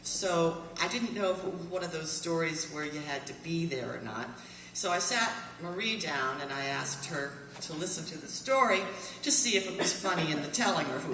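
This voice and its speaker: A woman in her fifties tells a funny story live to an audience, animated and quick to laugh. Her voice is low but swings widely in pitch. She is picked up from far off in an echoey hall. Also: a little hiss or hum. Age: 50s. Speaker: alumni storyteller. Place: fellowship hall.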